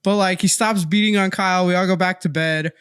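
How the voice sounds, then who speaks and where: A man's voice: high voice, fairly even intonation, brisk, fairly bright tone, clear, resonant tone, no echo, clean studio sound. A man in his thirties, a podcast host, telling childhood stories in casual chat and laughing easily.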